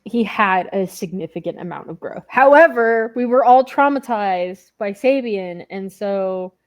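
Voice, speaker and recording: A woman's voice: mid-range voice, lively intonation, a little slow. A young adult woman co-hosting a book club podcast, talking casually, laughing often and swearing freely. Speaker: podcast co-host.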